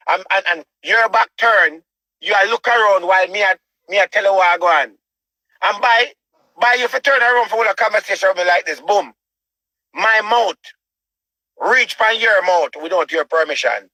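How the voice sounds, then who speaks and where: A man with a Jamaican accent delivers a preachy rant. He repeats himself and keeps asking rhetorical questions. His voice sits a little high and sounds husky, with a sharp, forceful edge in a dry, close setting. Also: lively intonation, moderate pace, pauses often, no echo, rough recording. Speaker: online show host. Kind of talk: ranting commentary.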